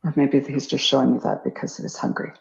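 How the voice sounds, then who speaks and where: A woman giving psychic readings over a video call, her voice dark and gravelly. She wanders through her thoughts with pauses and self-deprecating asides. The audio is dull and lo-fi. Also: a bass voice, flat delivery. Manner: meandering, hesitant, self-deprecating. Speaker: psychic co-host. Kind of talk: live-stream reading.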